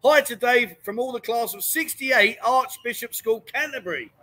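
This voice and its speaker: A man with an extremely high, bright, forceful voice speaks at normal speed while hosting a livestream inside a bookshop. He reads out viewer comments and teases his co-hosts in jokey banter, often saying "unbelievable."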